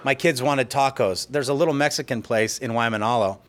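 A middle-aged male pastor delivers a sermon in a church, his voice sitting at an ordinary pitch for a man. He tells stories from his own life and jumps into acted-out quotes of what people said to him. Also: brisk, a bit bright.

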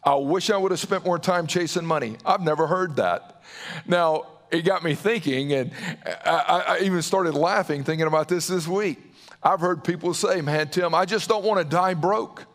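A man with a Southern accent preaches a sermon in a fairly high voice for a man. He speaks earnestly and with emphasis, repeating words for effect and stumbling into quick restarts as he drives his points home. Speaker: pastor.

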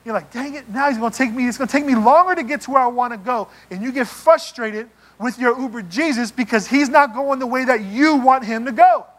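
Animated high-voiced male preacher. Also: fairly quick, hardly any pauses. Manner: animated, playful, acting out scenes with voices. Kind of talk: sermon. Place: church sanctuary.

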